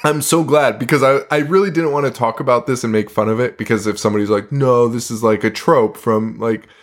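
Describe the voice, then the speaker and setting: A man co-hosting a podcast in casual chat, swearing freely and laughing through his sentences. His pitch sits in the middle of the range, and the talk is loose and animated. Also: brisk. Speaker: podcast co-host.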